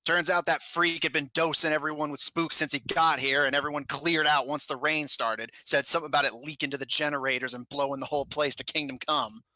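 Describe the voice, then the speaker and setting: A man voicing a jumpy, gruff male goblin mine warden who talks in a folksy drawl. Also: on the high side, steady tone, a little fast, hardly any pauses, sharp tone, dry recording.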